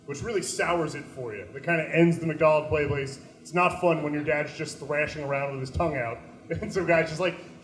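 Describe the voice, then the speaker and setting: A young man doing a stand-up set, telling stories in a deadpan way and breaking into loud put-on voices. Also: fairly high pitch, fairly quick. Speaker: stand-up comedian. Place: small comedy venue. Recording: echoey room.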